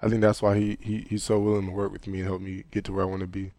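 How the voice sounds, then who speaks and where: A young man, a college basketball player, answering interview questions casually and softly, filling his sentences with "you know". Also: sits low, monotone, rapid-fire, dry recording. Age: young adult. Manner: soft-spoken, heavy on "you know" fillers.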